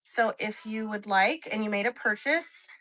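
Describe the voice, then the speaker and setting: Bright-voiced chatty woman seller. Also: mid-range voice, moderate pace. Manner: chatty, self-mocking, laughs often. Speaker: live shopping seller. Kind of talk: live-stream selling chat.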